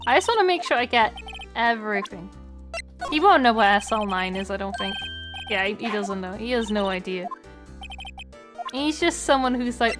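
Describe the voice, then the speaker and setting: High-voiced streamer girl mumbling to herself while she plays, desk mic, faint game music. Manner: thinking aloud, muttering to herself. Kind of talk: let's-play commentary.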